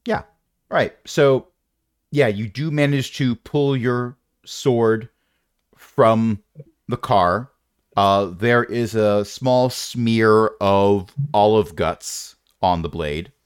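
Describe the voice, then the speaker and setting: A man's voice: fairly low pitch, drawn-out words, clear, resonant tone, no room sound, studio quality. A man narrating as game master in a tabletop game, wry and rambling with playful jokes.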